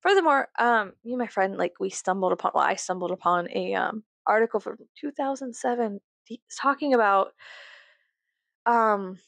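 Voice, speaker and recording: A vlogger with vocal fry rants to her viewers at normal speed, casual, profane and rambling. She mocks herself and swings between low musing and loud, high exclamations. There's no room sound.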